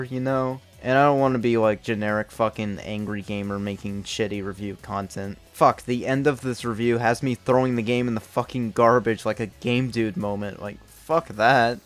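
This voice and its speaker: A young man reviewing his own old video game reviews in a candid, self-critical, casual way, swearing often. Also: mid-range voice. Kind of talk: casual retrospective commentary.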